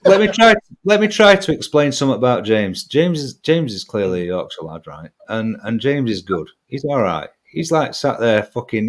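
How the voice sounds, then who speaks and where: Animated, loud, sweary male host. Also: medium pitch, moderate pace, few pauses. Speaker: podcast host. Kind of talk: rowdy live banter.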